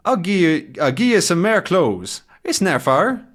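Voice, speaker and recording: A kindly Scottish shepherd speaks in broad dialect, warm and exclaiming, as a man reads him out from a comic. The voice sits well above the performer's own pitch and swoops in lively ups and downs. Each line comes out a little louder than the surrounding talk. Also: a little slow, heavily acted. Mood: welcoming.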